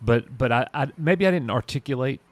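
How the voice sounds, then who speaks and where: A man's voice: mid-range voice, expressive, a little fast, no room sound. A man who creates YouTube content, talking casually and directly on a live stream, rambling and laughing easily.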